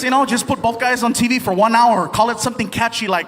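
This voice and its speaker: A man performing a stand-up comedy set on a theater stage, animated and playful, slipping into voices. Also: very high-pitched, fast talker, long reverb tail, heavy background noise. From United States. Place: large theater with live audience. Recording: live stage recording with loud crowd.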